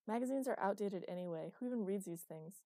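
A woman's voice: medium pitch, lively intonation, quick pace, warm tone, no room sound, close to an everyday voice. A woman voicing a petulant, melodramatic young woman writer in an audiobook, whiny and sulky.

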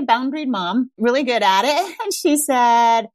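A woman's voice: on the high side, animated, moderate pace, few pauses, no room sound. Chatty woman parenting coach, dry sound. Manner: conversational, frequent tag questions like "right?" and "yeah?". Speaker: parenting coach and podcast host. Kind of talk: casual advice talk.

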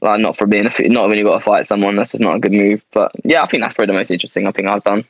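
A man's voice: on the low side, racing, no room sound, low-quality recording. Give me a casual English band guy, dry and up close, who keeps tossing in "mate" and "to be fair.". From England. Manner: rambling, laughs often, fillers like "mate" and "to be fair". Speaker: band member guest. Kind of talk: casual interview chat.

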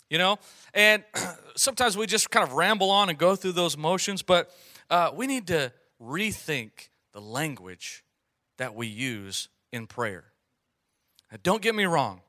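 A man preaching a sermon in a conversational way, asking the congregation questions and acting out a mumbled prayer in a low voice. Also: lively intonation, moderate pace, bright, forceful tone. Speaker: pastor.

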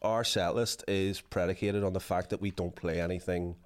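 A man's voice: sits low, steady tone, moderate pace. A young Northern Irish man chatting casually and swearing freely while playing a football video game. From Northern Ireland. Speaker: guest musician. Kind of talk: casual chat while gaming.

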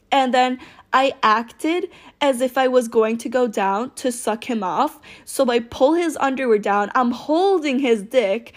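A young woman telling a story to her viewers in a casual, rambling way, full of filler words and very candid. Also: fairly high pitch. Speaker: storytime vlogger.

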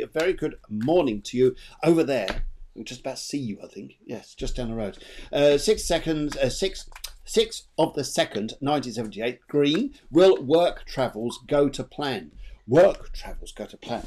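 A man's voice: medium pitch, darkish tone, a little hiss or hum. A man co-hosting a live online show, giving a chatty, rambling tarot reading and repeating his phrases. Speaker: tarot reader and co-host.

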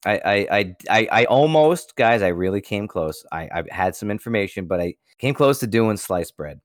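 A man's voice: fairly low pitch, expressive, moderate pace, no room sound, clean studio sound. An American man co-hosting a podcast, telling a story in a rambling, casual way, repeating words and swearing now and then. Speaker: podcast co-host.

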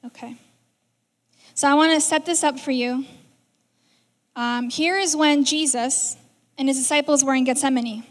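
A woman preaching a sermon in a conversational way, acting out the lines she quotes. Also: high voice. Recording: reverberant hall.

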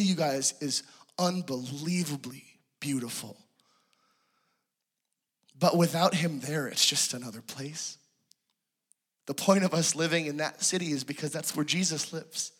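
Male preacher, bright and fairly high, sermon testimony, hushed to impassioned. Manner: hushed and tender, rising to impassioned pleading.

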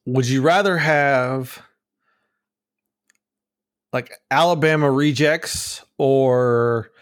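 A man's voice: mid-range voice, very slow. A man co-hosting a sports podcast, reading listener questions and chiming in with short agreeing replies. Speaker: podcast co-host. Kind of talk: casual sports chat.

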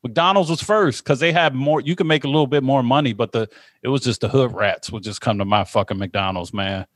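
A man's voice: medium pitch, a little fast, a bit bright, dry recording. A man hosting a podcast, telling stories in casual, profane, laid-back chat. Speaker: podcast host.

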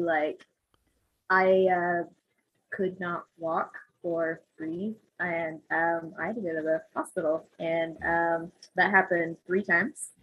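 A woman's voice: lowish voice, fairly bright tone, slight background noise, rough recording. A woman who works as a physical therapist, animatedly telling a story in casual chat, acting out the voices and laughing often.

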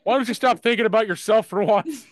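A man's voice: high-pitched, fast, no room sound. A man co-hosting a comedy podcast in casual chat, joking, swearing and laughing often. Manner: joking, swearing, laughing often, reads quotes in mock voices. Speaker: podcast co-host.

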